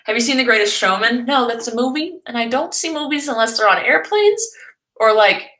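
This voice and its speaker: A woman's voice: on the high side, lively intonation, brisk, a bit bright. A young woman vlogger chatting casually and playfully as she answers viewers' questions. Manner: chatty and playful, jokey asides. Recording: echoey room.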